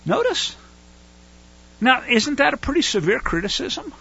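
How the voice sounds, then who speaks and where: A man giving a casual, animated Bible study and teaching through a Torah portion. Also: high-pitched, moderate pace, husky, highs cut off. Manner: animated, acts out whining voices.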